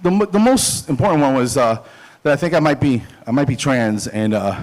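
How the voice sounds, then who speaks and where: A middle-aged man, a dental hygienist, doing a loose stand-up comedy set, self-deprecating and halting, with many fillers and chuckles. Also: medium pitch, animated, darkish tone.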